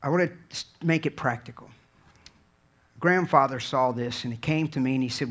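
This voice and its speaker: A man from Virginia preaching a sermon in an earnest, conversational way, dropping low and quiet and then building to fervent peaks. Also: fairly quick. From Virginia, USA. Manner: conversational storytelling with repeated words and restarts.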